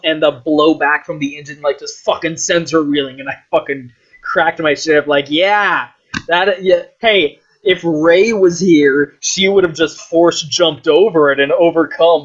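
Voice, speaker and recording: A man rambles casually through a film review, swearing freely and leaning on fillers. His voice sits a little high and he takes his time. The recording sounds dull and lo-fi. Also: slightly rough. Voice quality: filler-heavy, profane, animated.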